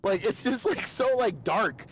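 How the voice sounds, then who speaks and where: High-voiced guy on a podcast, swoops up and down a lot, excitable, keeps restarting, faint hiss. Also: a little slow. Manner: excitable, lots of fillers and restarts. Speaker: podcast co-host. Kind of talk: casual sports and pop culture chat.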